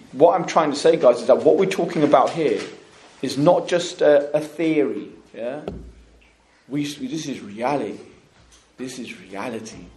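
A mid-range male voice with a darkish tone, plus a bit of hiss or hum, carries through an echoey room. He teaches religion informally and loosely, continually checking comprehension with tag questions.

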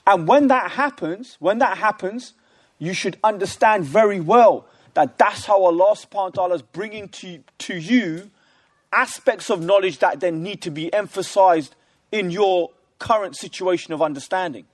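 Male Islamic teacher, higher register, emphatic classroom delivery with frequent checks for understanding. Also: moderate pace. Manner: emphatic, keeps checking listeners follow. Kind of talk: classroom religious lecture.

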